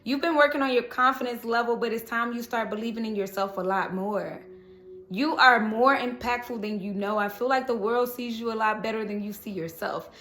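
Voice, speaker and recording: A woman with a slightly high voice gives a casual tarot reading. She talks in a chatty, encouraging way and laughs often. The room around her is echoey. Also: steady tone, a little fast, fairly bright tone. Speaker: tarot reader.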